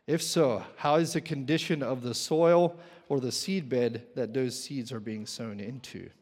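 Male pastor, earnest sermon delivery with restarts, medium pitch, recorded with long hall reverb. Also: a little slow, a little mellow. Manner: earnest, repeats words and restarts, clears throat.

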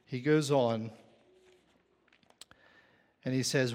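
Male preacher, slow deliberate delivery, questions the pews, long reverb of a church hall. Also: mid-range voice. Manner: questions the congregation. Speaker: pastor. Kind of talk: sermon.

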